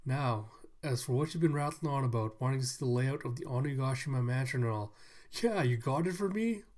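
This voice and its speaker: A man's voice: mid-range voice, animated, brisk, darkish tone, close to an everyday voice. A man voicing a bossy, cranky old foreman who scolds and blusters. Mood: scolding.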